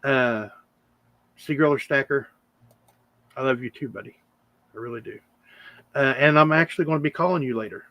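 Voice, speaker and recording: A man's voice: medium pitch, normal speed, pauses often, bright, forceful tone. A man hosting a coin channel livestream, chatty and openly emotional, laughing often. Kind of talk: casual livestream chat.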